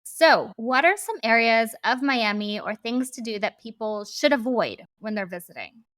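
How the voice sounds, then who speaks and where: Woman host with a higher voice. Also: lively intonation, moderate pace, fairly bright tone, dry recording, clean studio sound. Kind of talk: narration and interviewing.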